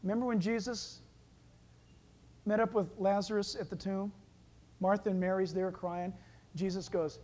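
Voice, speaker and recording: A male pastor preaching a sermon in an animated way, with joking asides. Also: sits high, normal speed, long pauses.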